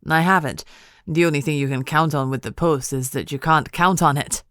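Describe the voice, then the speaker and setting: A woman's voice: sits low, steady tone, moderate pace, a bit bright, dry recording, studio quality. A woman narrator voicing a genial older lord, jovial and welcoming. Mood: hearty. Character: genial older Scottish laird, hearty host.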